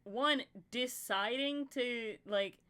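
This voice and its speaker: A woman's voice: a little high, takes it slowly, pushed and bright, smooth. A woman co-hosting a casual brainstorming chat, rambling with lots of "like" and breaking into giggles. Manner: giggly, rambling, heavy "like" filler. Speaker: podcast co-host.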